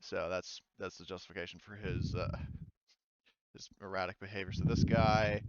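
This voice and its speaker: A man's voice: sits low, fairly even intonation, normal speed, background noise. A man running a tabletop war game as game master, talking loosely with lots of fillers and restarts. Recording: slightly dull, lo-fi mic.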